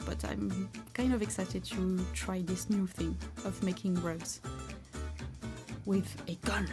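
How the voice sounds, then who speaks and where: A woman's voice: fairly low pitch, steady tone, slow pace. A woman with a French accent, a craft streamer in a casual live chat, thinking aloud with many restarts while she beads. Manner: hesitant, thinking aloud, answers chat comments. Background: violin music.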